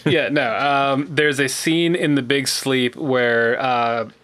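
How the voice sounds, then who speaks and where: Bright-toned man sharing film trivia. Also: medium pitch, fairly even intonation, slow pace, clear, resonant tone. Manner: explanatory, trivia-sharing, hesitant fillers. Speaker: podcast co-host. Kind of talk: casual film commentary chat.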